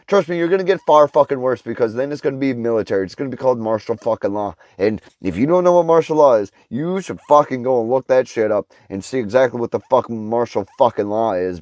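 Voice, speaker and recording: A man's voice: mid-range voice, darkish tone, no room sound. A young man ranting his opinions in a vlog, heated and sarcastic, swearing in nearly every line. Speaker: vlogger. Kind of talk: profane opinion rant.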